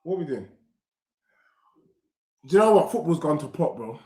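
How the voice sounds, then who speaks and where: A young man streaming a live football watchalong, reacting loudly and reading chat messages aloud. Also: a little high, moderate pace. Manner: excitable, loud, reads chat messages aloud.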